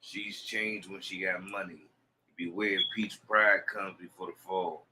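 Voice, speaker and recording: A man's voice: low-pitched, steady tone, measured pace, very noisy. A man co-hosting a casual chat, chiming in with short remarks on the comments. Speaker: co-host.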